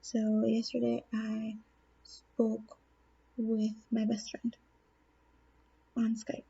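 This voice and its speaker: In a dull, lo-fi classroom video, the Spanish teacher works through grammar by posing questions and answering them herself, staying patient throughout. Her voice, high-ish but husky, gravelly, dark and mellow, comes out completely flat and extremely slow.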